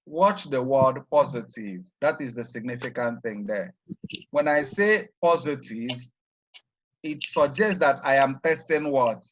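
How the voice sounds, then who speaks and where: A man teaching a class. He repeats key terms slowly and leaves sentences open with "what?" so the students fill in the answer. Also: mid-range voice, muffled recording, slight background noise. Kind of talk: classroom lecture.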